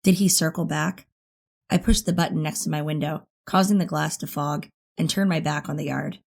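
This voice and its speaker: A woman narrating a first-person teen thriller audiobook in an expressive, intimate way. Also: low-pitched, moderate pace, gravelly.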